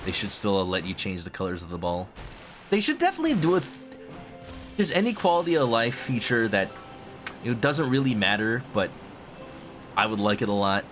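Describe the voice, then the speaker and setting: A man's voice: lowish voice, sing-song, a little fast, long pauses, a bit bright. A man streaming a video game, chatting playfully with his viewers and humming to himself. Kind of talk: casual game commentary. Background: game music.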